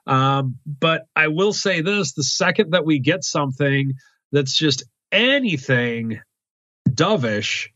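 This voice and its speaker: A man's voice: a little high, lively intonation, takes it slowly, pushed and bright, no room sound. A man co-hosting a market podcast, talking casually and hesitantly with frequent fillers. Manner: hesitant, many fillers and restarts. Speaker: co-host, wealth manager. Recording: dull dry remote line.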